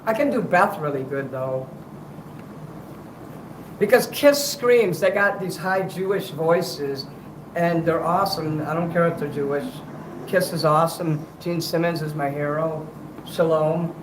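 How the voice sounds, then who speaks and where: High-voiced man with a strained voice. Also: a little slow, echoey room, background noise. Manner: profane, rambling. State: strained, worn-out voice. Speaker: livestreamer. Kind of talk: livestream chat with karaoke singing.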